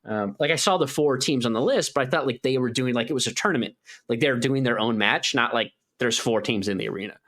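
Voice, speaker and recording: A man's voice: mid-range voice, quick pace, a bit bright. A man co-hosting a gaming podcast in casual chat, rambling with lots of "like" and acting out his own reactions in a raised voice. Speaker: podcast co-host.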